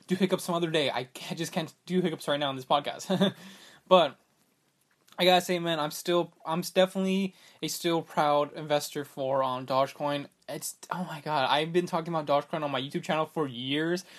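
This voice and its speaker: A young man with a slightly high voice talks briskly while hosting his own podcast, hiccuping throughout. He's excitable and rambles casually, leaning heavily on fillers like "like" and "bruh."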